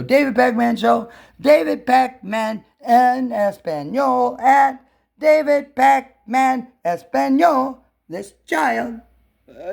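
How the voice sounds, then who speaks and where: A man with a husky, gravelly voice rambles and mutters through a reaction video. His pitch sits high and swings widely. He breaks into shouted insults at the person on screen. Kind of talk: rambling hostile commentary.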